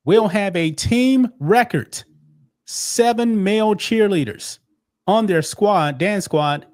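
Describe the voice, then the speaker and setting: Emphatic man with a high voice. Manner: emphatic, says "man" and "folks" often. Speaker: commentator in a played clip. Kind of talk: opinionated video commentary.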